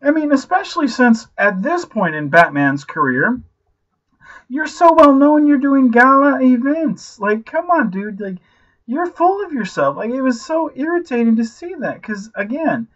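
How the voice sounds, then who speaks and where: A man in his thirties giving a casual, ranting movie review, animated and profane, constantly saying "like" and "you know". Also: extremely high pitch, a little slow, muffled recording. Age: 30s.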